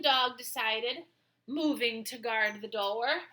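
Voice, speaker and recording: Woman reading a kids story aloud, slow and sing-songy, high voice. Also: lively intonation, pushed and bright, low-quality recording. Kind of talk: reading a picture book aloud.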